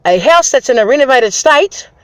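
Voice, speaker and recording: Indignant high-voiced woman ranting. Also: expressive, normal speed, a bit bright, smooth, dry recording, poor audio. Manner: aggrieved, indignant, swears freely. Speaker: vlogger. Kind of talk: angry personal rant to camera.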